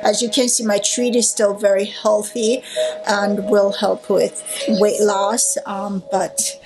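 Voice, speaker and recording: Slow, relaxed woman vlogging at her meal. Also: medium pitch, over music. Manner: relaxed, rambling, with fillers, talking while eating. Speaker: health vlogger. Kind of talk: casual vlog chat.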